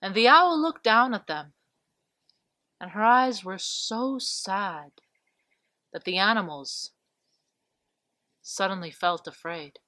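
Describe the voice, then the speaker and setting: A woman telling a folk tale in an expressive, dramatic storytelling manner. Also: medium pitch, slow, pauses often, dry recording. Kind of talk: spoken folk tale narration.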